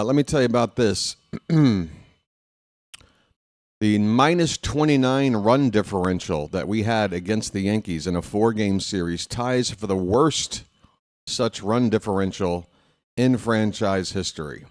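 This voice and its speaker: A middle-aged man hosting live baseball commentary in a slow, unhurried way. His voice sits low, and his folksy delivery stays dry and downbeat. The sound is close and dry. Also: a little mellow, dry recording. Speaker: play-by-play host.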